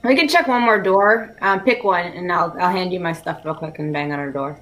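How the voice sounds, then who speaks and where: A woman's voice: on the low side, a little fast, a bit bright. A woman playing a tabletop game, talking playfully and giggling often. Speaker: player. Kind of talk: casual game chat.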